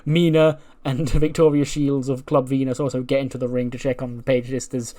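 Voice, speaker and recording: Man, casual game narration, rambling, lots of fillers, middle pitch. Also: level tone, a little fast, mellow. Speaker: let's play host. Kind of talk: casual narration of a wrestling sim.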